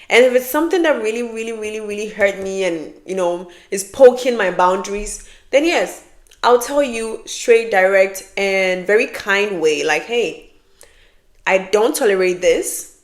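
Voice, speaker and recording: A woman vlogger giving frank relationship advice to her viewers in a casual, emphatic way, often repeating herself for emphasis and laughing. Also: medium pitch. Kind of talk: casual advice talk to camera.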